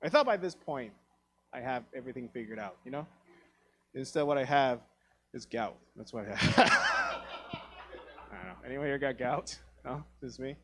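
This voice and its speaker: A man's voice: medium pitch, normal speed, long pauses, a bit bright, a little hiss or hum. A man in his thirties from Taiwan, performing a stand-up comedy set on a theatre stage, profane and self-deprecating, acting out quoted dialogue. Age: 30s.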